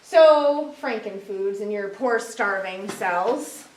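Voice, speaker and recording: A woman's voice: mid-range voice, expressive, slow pace. A woman giving a casual, chatty talk to a group at a health meeting, often using "like" and "um". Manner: chatty, with fillers like "like" and "um". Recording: echoey room from far off.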